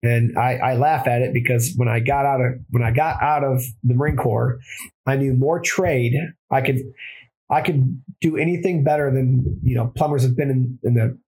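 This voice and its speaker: A man's voice: mid-range voice, steady tone, moderate pace, dark tone, husky, low-quality recording. A man who is a plumber and former Marine, telling his story in a casual interview, rambling with frequent restarts and self-corrections.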